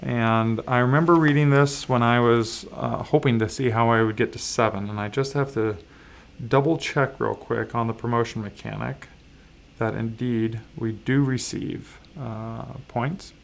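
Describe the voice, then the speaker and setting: A man with a gravelly, creaky voice talks through the rules of a board game he is playing on a livestream. He pauses often with fillers and pokes fun at himself as he checks the rulebook. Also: medium pitch, steady tone. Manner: halting, many fillers, self-deprecating asides. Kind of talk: casual rules walkthrough.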